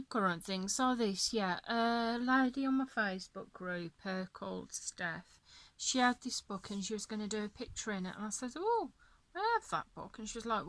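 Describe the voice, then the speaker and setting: A woman's voice: mid-range voice, fairly bright tone, no room sound. A tired woman chatting casually about her coloring pages, yawning and apologetic. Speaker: coloring channel host. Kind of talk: casual show-and-tell chat.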